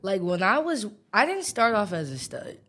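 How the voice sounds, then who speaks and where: A woman's voice: medium pitch, sing-song, normal speed, fairly bright tone. A woman guest on a casual podcast, talking hesitantly and hedging with "probably" and "um".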